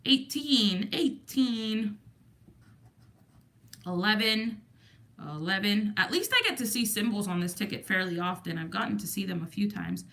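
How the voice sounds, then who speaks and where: A woman's voice: mid-range voice, a little slow, pushed and bright. A woman with a Texan accent hosting a livestream, chatting casually and greeting viewers from the chat. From Texas. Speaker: livestream host.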